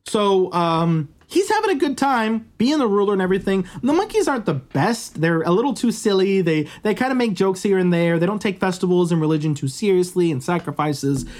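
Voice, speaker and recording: A man casually retelling a myth on a podcast, chatty and animated with frequent asides. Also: high voice, fairly quick, few pauses. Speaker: podcast storyteller. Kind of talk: casual storytelling.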